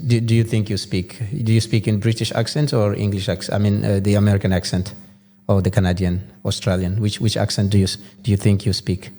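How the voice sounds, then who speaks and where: A man's voice: lowish voice, level tone, fast talker, warm tone. A man hosting an interview show, asking questions in a casual way and often repeating his words. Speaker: show host. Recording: long room reverb, faint hum.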